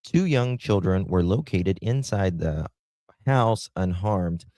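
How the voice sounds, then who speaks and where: A man with a low, mellow voice reads a crime news story aloud, stumbling and restarting often and spelling out certain words letter by letter. His delivery is halting and full of fillers as he adds his own remarks. The recording is dry and close, with no room sound. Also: animated, no echo. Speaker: true crime show host. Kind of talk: reading news aloud with commentary.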